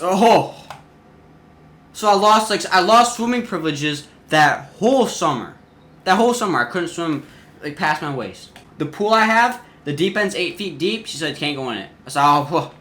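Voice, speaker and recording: A teenage boy vlogger telling a casual story-time tale in an animated way, often restarting his sentences. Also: high-pitched. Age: teens. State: sweating in the heat.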